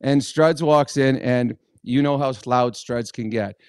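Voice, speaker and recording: A middle-aged man co-hosting a podcast, telling a story in a lively, animated way and loudly acting out the people he quotes. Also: mid-range voice, a little slow, clear, resonant tone, no echo, clean studio sound. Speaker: podcast co-host, former hockey player. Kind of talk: casual storytelling chat.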